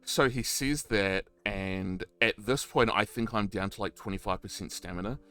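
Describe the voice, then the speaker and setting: A man's voice: lowish voice, moderate pace, sharp tone. A man in casual chat, enthusiastically recounting his roleplay moments and swearing freely. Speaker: roleplayer interviewee.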